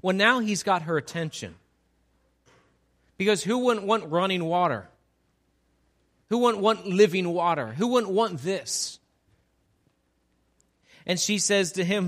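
A man preaching a sermon in a lively, conversational way, often asking his listeners rhetorical questions. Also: high-pitched, slow pace, long pauses. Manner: conversational, animated, asks the audience rhetorical questions. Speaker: pastor.

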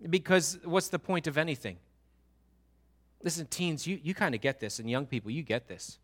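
Earnest higher-voiced male preacher. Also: lively intonation, a bit bright. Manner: earnest, emphatic, with quick restarts. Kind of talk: sermon.

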